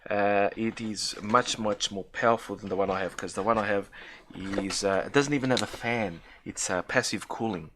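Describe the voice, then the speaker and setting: A man's voice: on the low side, normal speed, noisy background. A man chatting casually while testing his streaming setup, rambling with many restarts. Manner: rambling, stammering, self-correcting. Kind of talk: casual chat.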